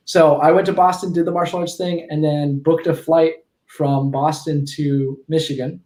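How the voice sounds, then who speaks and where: A man's voice: a little high, level tone, moderate pace, few pauses, darkish tone, reverberant. A man in his twenties, a podcast guest, telling stories casually, with frequent restarts and self-corrections. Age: 20s. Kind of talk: casual storytelling in a conversation.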